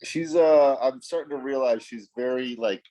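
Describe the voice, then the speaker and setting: A man's voice: mid-range voice, normal speed. Doting dad talking with his toddler. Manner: doting, talks to a toddler, animated. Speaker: parent on a video call. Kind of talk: casual group video chat. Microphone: computer mic on a video call.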